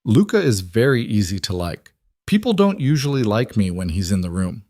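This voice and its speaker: A man voicing a reserved male mafia boss who speaks quietly and in clipped lines. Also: on the low side, big pitch swings, normal speed. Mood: dry.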